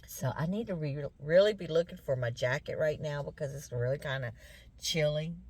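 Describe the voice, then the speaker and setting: A woman's voice: low voice, normal speed, a little mellow, slightly rough. A middle-aged woman with a Southern US accent, chatting casually to her viewers as y'all, her voice a bit congested from sinus drainage. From Louisiana, US. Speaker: vlogger.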